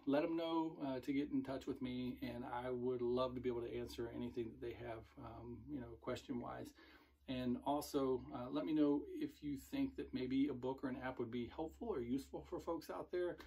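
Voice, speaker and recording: Husky-voiced man telling stories. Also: medium pitch. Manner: relaxed, rambling, with frequent fillers and self-corrections. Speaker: former military recruiter, show host. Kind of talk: casual storytelling monologue.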